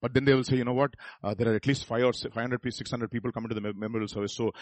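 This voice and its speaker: A middle-aged pastor with an Indian Telugu accent delivers a storytelling sermon. His voice is slightly husky, and the sound is close and dry. He slips into quoted voices and swells to forceful emphasis. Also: medium pitch, no echo. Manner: storytelling with acted quotes and chuckles, rising to emphatic peaks.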